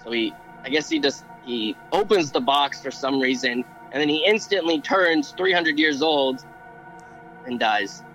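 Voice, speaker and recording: Male podcast co-host, bright and slightly high, casual storyteller who stumbles over names. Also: lively intonation, a little slow, soft background music, poor audio. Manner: retells legends with many fillers and restarts. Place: airborne helicopter.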